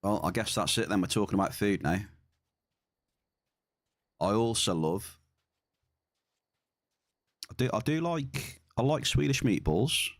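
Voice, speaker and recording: Male streamer, lowish voice, dry close mic, relaxed banter. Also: a little slow, long pauses, no room sound. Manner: chatty, reads and answers chat. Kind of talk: casual gaming stream chat.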